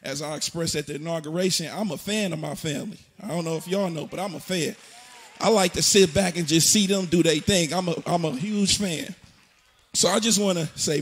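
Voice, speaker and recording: A young man gives an excited, preacher-like tribute to his mother at a church event, repeating phrases as he builds up. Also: on the high side, husky. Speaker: son of the honoree, musician.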